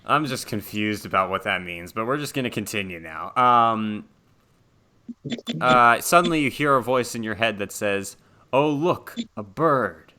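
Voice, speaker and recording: A man's voice: fairly low pitch, animated, normal speed, sharp tone, smooth. A man narrating a tabletop horror game as game master, casual, with laughing asides and many ums.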